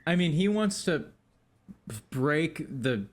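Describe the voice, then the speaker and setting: A man playing a tabletop game, casually describing his character's actions and quick to joke. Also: on the high side, animated, crowd noise. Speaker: player.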